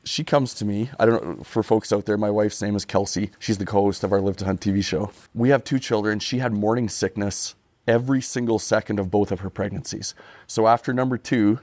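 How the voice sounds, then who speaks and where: A man from Saskatchewan, a podcast guest telling a comic story in an animated, self-deprecating way. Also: fairly low pitch, brisk, no room sound. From Canada (Saskatchewan).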